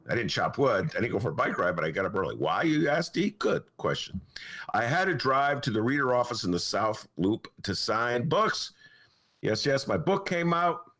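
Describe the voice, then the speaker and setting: Animated, rambling older man. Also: on the low side. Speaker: podcast host. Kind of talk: casual chat.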